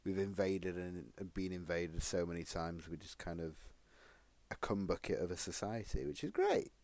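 A man's voice: low-pitched, flat delivery, normal speed, darkish tone, no echo. A man, co-hosting a podcast in rambling, crude casual chat full of swearing. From Sheffield, England. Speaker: podcast co-host.

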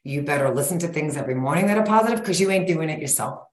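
A woman in her forties, a guest coach speaking in a blunt, energetic, folksy way in a casual interview. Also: sits low, rapid-fire. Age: 40s. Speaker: guest, sugar-cravings coach. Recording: roomy echo.

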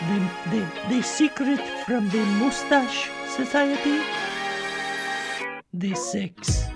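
A woman doing a sultry, creaky comic seductress. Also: a little high, expressive, slow pace, heavily acted. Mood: sultry teasing. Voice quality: creaky, drawling. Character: slow, sultry, mock-mysterious comic woman. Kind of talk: comic outro sketch. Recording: music playing underneath.

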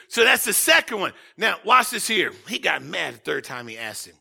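A man preaching a sermon as pastor, swinging between shouted lines and quiet asides. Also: sits high, very animated, moderate pace, vocal fry, husky.

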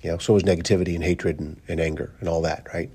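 He speaks at a quick pace in a low, steady, mellow voice with a slight roughness, hosting a daily motivational podcast from his car while driving to work. As a coach, he's earnest yet rambling and casual, leaning on fillers and repeated phrases, and gets choked up for a moment.

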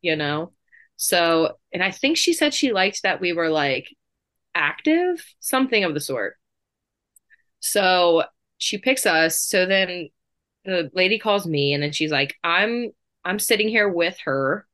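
Woman, 30s, interview guest, chatty, fillers, low-ish pitch. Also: big pitch swings, fairly bright tone. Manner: chatty, fast bursts, lots of fillers. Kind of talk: casual storytelling interview.

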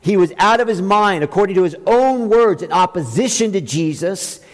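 A man preaching a sermon, asking his listeners questions and swinging between loud high emphasis and quiet low passages. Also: expressive, normal speed, long reverb tail, poor audio. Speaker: pastor.

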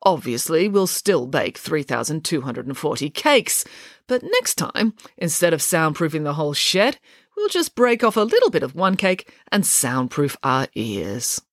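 A woman puts on a bossy female pig nanny from a storybook, firing off orders in a brisk, scheming tone. The voice swoops lively up and down. The sound is close and dry. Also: low voice, dry recording, exaggerated voice. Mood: brisk commanding.

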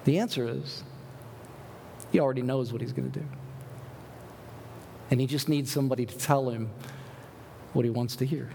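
A male pastor giving an animated sermon, asking rhetorical questions and reading scripture aloud. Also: medium pitch, normal speed, gravelly, pauses often, in a large hall, slight background noise.

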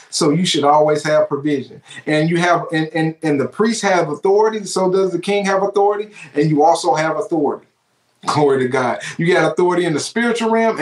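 A man preaches with fervor, and his fairly high voice rings through an echoey room. He exclaims and repeats key phrases to drive each point home. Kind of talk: sermon.

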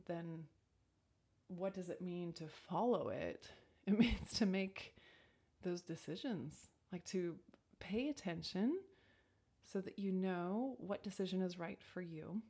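Woman musing out loud, slightly low voice, trails off into near whispers, lots of likes. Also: slow pace, husky. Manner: thoughtful, lots of "like" and restarts, drops to a near whisper at times. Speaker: speaker sharing personal advice. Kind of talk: reflective casual talk.

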